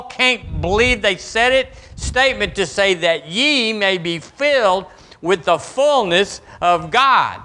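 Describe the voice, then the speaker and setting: Preacher, worked up and emphatic, reading scripture w/ asides, bright sharp voice. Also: male voice, high-pitched, unhurried. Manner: animated, emphatic, reads scripture with lively asides. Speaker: pastor. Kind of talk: sermon.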